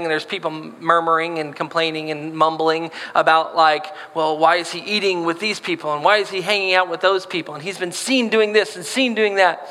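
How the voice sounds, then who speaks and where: A man's voice: high-pitched, bright, forceful tone. A man preaching a sermon, reading scripture and then talking casually and playfully, acting out voices in the quotes. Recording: long hall reverb.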